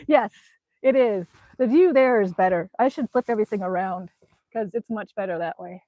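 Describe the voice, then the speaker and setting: A woman's voice: mid-range voice, measured pace, pauses often, dark tone, dry recording. A woman chatting casually on a live stream outdoors in winter, rambling with many ums as she reads the chat. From Alaska. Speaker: vlogger reading live chat. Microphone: phone camera.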